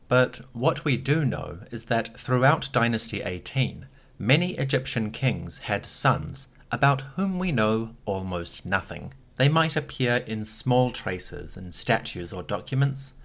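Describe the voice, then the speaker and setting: A man hosting a history podcast, reading a scripted narration with lively storytelling and occasional wry asides. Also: mid-range voice. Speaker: podcast host.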